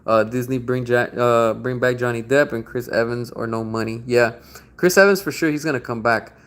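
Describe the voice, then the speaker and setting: Slangy, excitable young man streaming live. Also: mid-range voice, moderate pace. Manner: slangy, excitable, swears freely. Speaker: livestream host. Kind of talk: casual livestream chat reading viewer comments.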